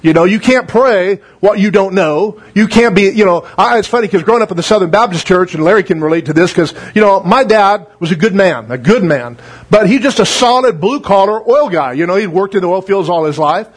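A middle-aged man preaching a relaxed, conversational sermon as a pastor, folksy and joking, often checking in with "right?". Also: high-pitched, brisk.

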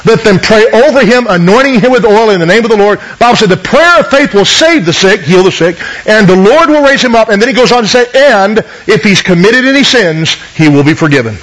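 A man with a high voice preaches a sermon, earnestly teaching and reading scripture aloud. He keeps turning to his listeners with questions. The recording has a radio broadcast sound. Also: expressive, a little fast, few pauses, fairly bright tone, rough recording.

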